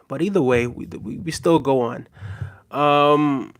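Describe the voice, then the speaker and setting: A man's voice: mid-range voice, slow. A man hosting a casual livestream, reading viewer comments aloud and talking to his audience in an earnest, reassuring way with lots of fillers. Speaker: livestream host.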